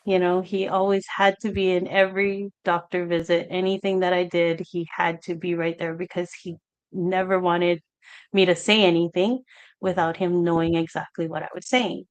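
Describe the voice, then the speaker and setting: A woman telling her own story on a live talk show, earnest and halting, acting out old conversations as she goes. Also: on the low side, little pitch movement, clean tone. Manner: halting, earnest, reenacts past talk in quotes. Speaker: guest sharing her story.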